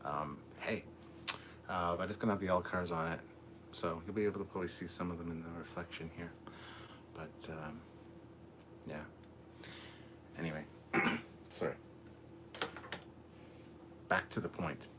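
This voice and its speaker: Deep-voiced man chatting casually on a livestream. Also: steady tone, measured pace, pauses often, heavy background noise. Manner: rambling, easygoing, lots of fillers and asides. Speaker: livestream host reading chat. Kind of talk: casual live-stream chat. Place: home room with TV. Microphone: camera mic at a distance.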